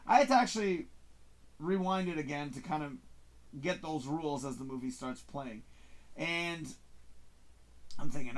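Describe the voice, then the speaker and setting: A man hosting a casual live-stream show, reviewing a movie in an excitable, profane way and acting out his own reactions. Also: high voice, fairly quick. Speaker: host.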